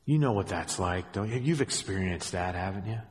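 A middle-aged man preaching a sermon as a pastor, animated, with joking asides, swinging between hushed and raised delivery. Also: low voice, moderate pace. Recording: long hall reverb.

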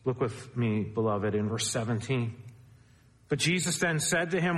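A man's voice: expressive, normal speed, a bit bright, long reverb tail. A man preaching an expository sermon, addressing the congregation as beloved and lifting his voice to stress key points. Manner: expository preaching, rising pitch for emphasis. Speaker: pastor.

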